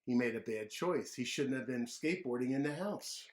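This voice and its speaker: Gentle man reading aloud to kids. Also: mid-range voice, lively intonation, normal speed. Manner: gentle, asks kids questions. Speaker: children's storyteller. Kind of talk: children's picture-book read-aloud.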